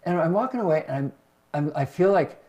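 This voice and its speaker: A mellow, warm-toned older man speaking as a pastor and host. His pitch sits a little high for a man. He tells stories in a reflective, self-deprecating way and brightens when acting out what others said. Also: lively intonation, brisk. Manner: reflective, self-deprecating, acts out quotes in livelier tones. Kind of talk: casual conversational storytelling.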